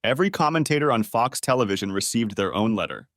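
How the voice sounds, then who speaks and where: Man, story narrator, matter-of-fact, cold, animated pitch, dry sound. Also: fast, dry recording. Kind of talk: first-person story reading.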